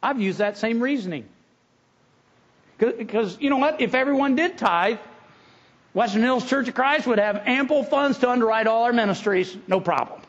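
A man's voice: very high-pitched, moderate pace, highs cut off. A man preaching a sermon as pastor, earnest and conversational, with frequent restarts.

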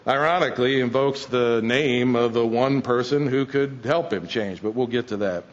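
A man's voice: mid-range voice, normal speed. A man preaching a sermon in a conversational, folksy, wry way. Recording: dull lo-fi sound.

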